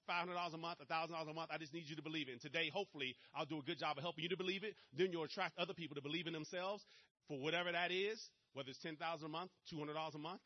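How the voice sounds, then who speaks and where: A man with a Maryland accent giving a fast-talking, energetic motivational seminar talk straight to his audience. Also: on the high side, dull audio. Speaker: motivational speaker at a business presentation.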